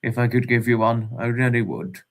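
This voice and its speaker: A man hosting a casual livestream, greeting viewers by name with fond, repeated hellos in a drawn-out way. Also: medium pitch, steady tone, creaky. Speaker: livestream host.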